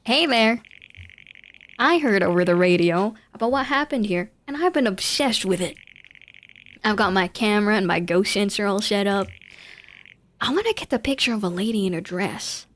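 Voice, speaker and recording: A woman's voice: mid-range voice, lively intonation, moderate pace, fairly bright tone, lightly acted. Play a woman putting on a keen young ghost hunter in a game: chatty and eager, hungry for a famous shot. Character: eager male ghost hunter, fame-seeking.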